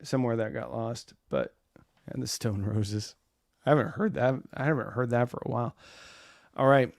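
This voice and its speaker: A man's voice: medium pitch, expressive, moderate pace, gravelly, dry recording, studio quality. A man in his forties hosting a casual live stream, rambling loosely and answering viewer comments.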